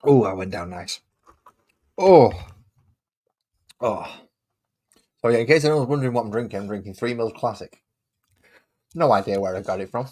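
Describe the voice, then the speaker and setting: A man's voice: on the low side, a little fast, pauses often, a little mellow. Rambling Manchester man chatting while painting. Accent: Manchester English. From England. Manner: rambling, sings and hums to himself, repeats phrases, laughs at himself. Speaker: miniature painting streamer. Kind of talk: casual chat while painting.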